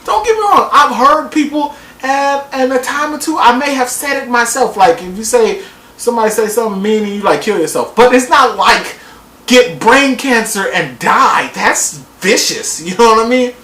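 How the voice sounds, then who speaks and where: A woman reviewing a TV show in a casual vlog, talking in a loud, profane way and mocking people with put-on voices. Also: on the high side, normal speed, reverberant, far from the mic, low-quality recording. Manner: animated, profane, mocks people by quoting them in put-on voices.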